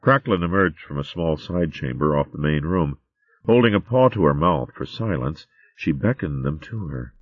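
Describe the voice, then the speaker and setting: Deep guy narrating a storybook, steady, dry muffled audio. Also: normal speed, dry recording. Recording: dry, slightly muffled recording.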